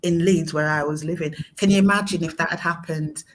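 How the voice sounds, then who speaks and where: Middle-aged woman guest, very low voice, halting emotional storytelling. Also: fairly even intonation, slight background noise. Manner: halting, many fillers and restarts. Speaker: guest, mother of a son with mental illness. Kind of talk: emotional personal story in conversation.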